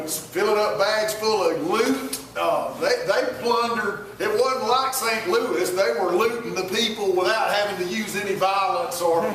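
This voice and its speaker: A man's voice: high voice, background noise. A man preaching informally, retelling a story in a folksy, rambling way with many restarts and asides to the listeners. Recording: very echoey room, mic far off.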